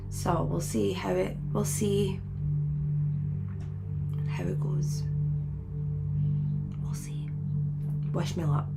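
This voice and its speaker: A woman in her forties chatting casually to viewers, rambling and laughing often as she retells conversations. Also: medium pitch. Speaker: spiritual medium host.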